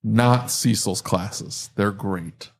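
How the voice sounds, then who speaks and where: A man's voice: fairly low pitch, extremely slow, vocal fry. A man who owns an auto repair shop, trading sarcastic banter on a live podcast. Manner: animated, sarcastic, acts out customer calls.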